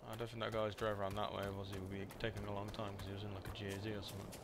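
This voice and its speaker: A man's voice: on the low side, monotone, rapid-fire, very noisy. A man, casually muttering commentary over his gameplay and swearing freely. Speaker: gaming video creator.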